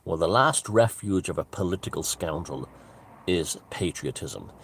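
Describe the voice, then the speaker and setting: A man's voice: deep voice, lively intonation, normal speed, creaky, slight background noise. A man giving a casual, rambling monologue, emphatic and full of restarts and asides. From Ireland. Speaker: author and commentator.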